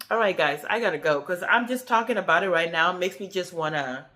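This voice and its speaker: A woman in her forties talking casually to camera as a vlogger, chatty and animated, often checking in with "okay?". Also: lowish voice, normal speed.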